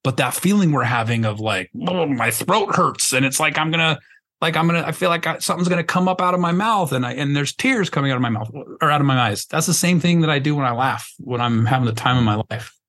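A man's voice: fairly high pitch, expressive, fast, a bit bright. Rambling, emphatic man hosting a podcast. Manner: rambling, emphatic, searching for words with many restarts; swears casually. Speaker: podcast host. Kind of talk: casual podcast conversation.

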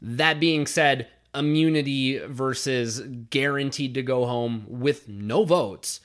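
A man co-hosting a casual podcast, picking apart strategy in a relaxed, conversational way. His voice sits at an ordinary middle pitch, and he restarts his sentences often as he thinks aloud. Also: slow. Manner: conversational, analytical, frequent restarts. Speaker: podcast co-host. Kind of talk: casual reality-show discussion.

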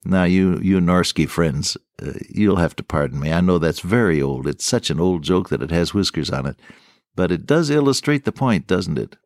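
A man's voice: low-pitched, lively intonation, moderate pace, no echo, studio quality. An older man preaching a radio sermon, telling stories in a folksy, earnest way.

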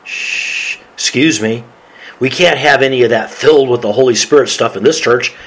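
A man voicing a fussy churchgoer who hushes and scolds someone for being too loud in church. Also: mid-range voice, brisk, slightly rough, rough recording. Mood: disapproving. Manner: prim, scolding, hushing.

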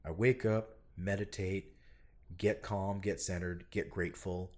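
A man, a parent, telling a personal story in casual conversation, earnest and animated, getting loud when he quotes himself. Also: deep voice, a little slow. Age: adult parent. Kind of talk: casual chat.

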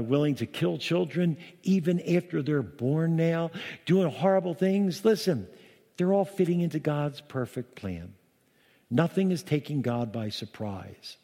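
Man, preacher, sermon, emphatic scripture reading, husky voice, long echoing hall. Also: mellow. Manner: emphatic, reads verses aloud with rising pitch.

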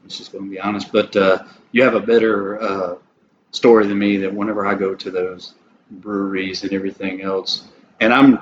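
A man in casual chat, joking along and chiming in with quick reactions. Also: fairly low pitch, level tone, echoey room. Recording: slightly muffled with faint room noise.

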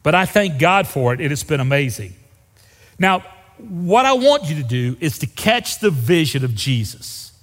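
Pastor guy preaching, lively swinging voice, kinda high, big echoey church. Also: normal speed. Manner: emphatic preaching, dropping to hushed lows for key phrases. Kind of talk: sermon. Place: church sanctuary. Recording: long reverb of a church hall.

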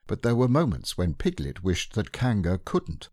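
Gentle, slow-reading male storyteller. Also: deep voice, very animated, breathy edge, no room sound, clean studio sound. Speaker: audiobook narrator. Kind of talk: storybook narration.

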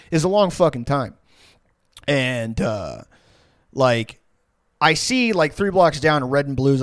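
A man recounts a wild night in a loose, rambling way, full of swearing and fillers. His voice sits at a middle pitch. The recording is close and dry, with no room sound. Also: no room sound. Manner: profane, rambling, animated retelling. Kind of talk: casual storytelling.

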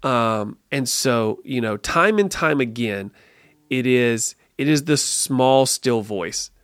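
A man being interviewed on a podcast, telling a personal story in an earnest, lively way and often restarting his phrases. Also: medium pitch, slow, smooth, no room sound, clean studio sound. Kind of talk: casual conversational storytelling.

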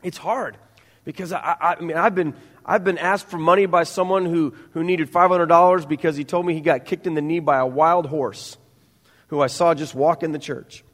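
A middle-aged man preaching a sermon as pastor, earnest and growing animated, with stumbling restarts. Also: on the high side, moderate pace, in a large hall.

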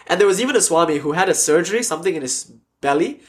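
A man's voice: on the high side, rapid-fire. A man giving a casual lecture as a spiritual teacher, telling stories animatedly and acting out quotes. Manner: animated storytelling, acts out quotes. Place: class with online audience.

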